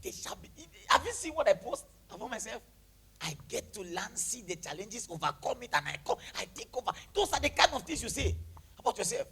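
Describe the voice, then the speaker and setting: A man preaching a sermon to his church, with a lively, emphatic delivery that jumps from shouts to near whispers and mixes in Pidgin phrases. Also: high voice, fairly quick, vocal fry, slightly rough. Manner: animated preaching, shouting then dropping to a hush, Pidgin phrases, laughing. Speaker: pastor. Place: church hall with congregation.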